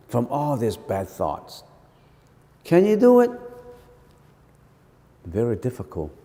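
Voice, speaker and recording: Animated male monk in a reverberant hall. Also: medium pitch. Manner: animated, full of rhetorical questions and repeated phrases. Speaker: Buddhist monk teaching meditation. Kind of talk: dharma talk. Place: temple hall.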